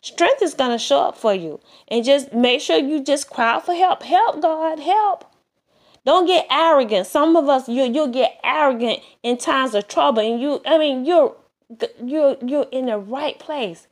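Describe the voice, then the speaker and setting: Woman preacher with a slightly high voice, delivering an earnest, repetitive sermon. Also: normal speed. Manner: earnest, repetitive exhortation with many restarts.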